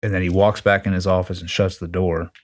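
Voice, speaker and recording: Middle-aged male guest with a very low voice, casual storyteller, blunt and a bit profane. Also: a little fast. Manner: animated, acts out quoted dialogue. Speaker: podcast guest.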